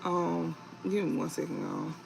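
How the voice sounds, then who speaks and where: A young man chatting on a live tarot stream in a calm, unhurried way, his voice heavily gravelly and a bit high. Faint music plays behind him. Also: low-quality recording. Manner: calm, low-key talk with slang and frequent laughs. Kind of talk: casual live-stream chat.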